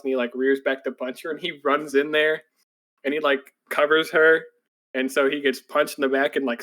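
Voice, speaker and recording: Here a man co-hosting a podcast recaps an anime story in a loose, meandering way, his tone fairly bright. Fillers, especially "like," pile up, and he occasionally jumps into breathless, high-pitched character voices.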